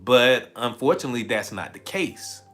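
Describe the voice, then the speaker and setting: A Southern man with a Southern accent gives a live motivational talk as a spiritual speaker, his mid-range voice expressive and a bit bright at a moderate pace. He repeats key lines for emphasis and laughs often, with soft music playing in the background.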